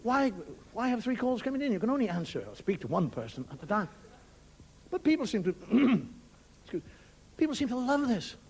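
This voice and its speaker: High-voiced Irish comedian, lively. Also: male voice, a little fast, slightly rough. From Ireland. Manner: wry, conversational storytelling with mock outrage. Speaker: stand-up comedian. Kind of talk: stand-up comedy monologue.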